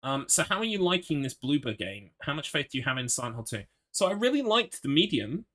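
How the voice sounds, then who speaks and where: A man's voice: fairly high pitch, sing-song, brisk, few pauses, pushed and bright. A man streaming a horror game, chatting with his audience in a rambling, swear-prone way. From United Kingdom. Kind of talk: gaming livestream commentary.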